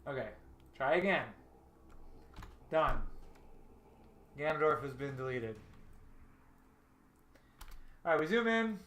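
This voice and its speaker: A man's voice: on the high side, big pitch swings, slow, pauses often, fairly bright tone, slight background noise. A man hosting a casual livestream, thinking aloud as he storyboards and chatting with his viewers in a self-deprecating way. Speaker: livestream host. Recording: roomy echo. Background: faint game music playing.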